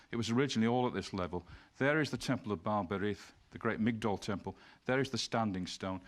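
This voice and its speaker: A man giving an illustrated lecture, explaining slides point by point and reading passages aloud. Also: on the low side. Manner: reads scripture passages aloud.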